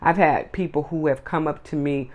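A woman's voice: sits low, moderate pace, darkish tone. A woman hosts her own solo podcast and speaks her mind in a blunt, emphatic way. She hammers home her points by stringing repeated words one after another. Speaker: podcast host. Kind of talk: solo opinion podcast monologue.

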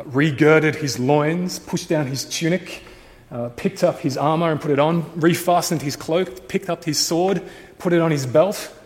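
Man preaching dramatically in an echoing hall. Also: medium pitch. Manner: dramatic, swings between hushed and loud. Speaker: pastor. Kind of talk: sermon storytelling.

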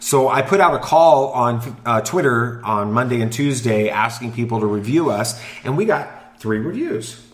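A man's voice: medium pitch, lively intonation, moderate pace, few pauses. A man hosting a casual family podcast, joking around and reading listener reviews aloud. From Southern California. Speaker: podcast host. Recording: roomy echo.

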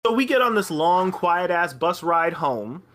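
High, bright-voiced man telling a story. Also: a little slow. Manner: animated, profane, acts out quoted lines. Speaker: podcast guest. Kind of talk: casual storytelling chat.

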